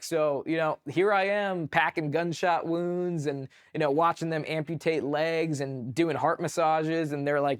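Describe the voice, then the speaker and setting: A man's voice: on the high side, fairly even intonation, moderate pace, few pauses, clean tone. Rambling man telling army stories. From United States. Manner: rambling, filler-heavy, lots of "like". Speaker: podcast guest, Army veteran. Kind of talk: casual war storytelling.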